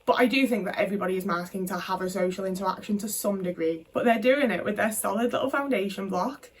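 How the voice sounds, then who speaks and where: A woman's voice: mid-range voice, fast talker, slightly rough, distant mic. A young woman talking to camera in a candid, frustrated monologue, swearing freely. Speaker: vlogger.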